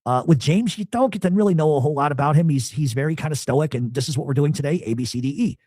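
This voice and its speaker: A middle-aged man hosting a podcast, telling stories in a profane, animated casual chat. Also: a little high, quick pace, dry recording, clean studio sound. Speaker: podcast host.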